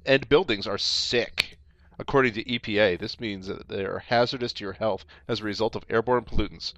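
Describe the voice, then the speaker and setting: A man's voice: on the low side, brisk, fairly bright tone, no room sound. A man on a comedy podcast reading product copy aloud, stumbling and laughing as he goes.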